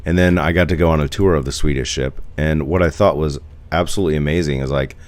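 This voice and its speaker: A man's voice: rumbling low, fairly even intonation, fast talker. A man in his forties from the United States, chatting casually on a live stream, rambling and answering viewer comments.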